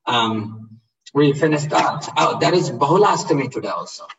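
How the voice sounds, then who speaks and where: A man telling a devotional story, slow and hesitant, with many fillers. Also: fairly high pitch, lively intonation, gravelly, background noise. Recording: distant dull lo-fi.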